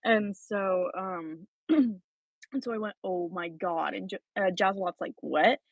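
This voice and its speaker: A woman's voice: medium pitch, a little slow, gravelly, no room sound, highs cut off. A young woman telling a friend a story on a livestream, chatty and acting out the quotes. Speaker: friend and guest. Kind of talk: casual storytelling.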